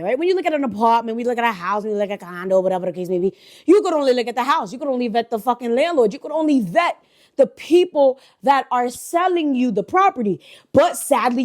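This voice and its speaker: A young woman from New Jersey talking straight to her viewers in a casual storytime vlog, animated and profane. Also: fairly high pitch. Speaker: vlogger.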